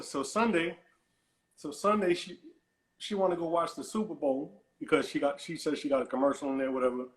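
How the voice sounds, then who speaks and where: A man's voice: mid-range voice, fairly bright tone, echoey room, poor audio. A man calling in to a talk show, telling a long story in a rambling way, repeating and restarting his words and brushing things off. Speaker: caller. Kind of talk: animated storytelling on a call-in show.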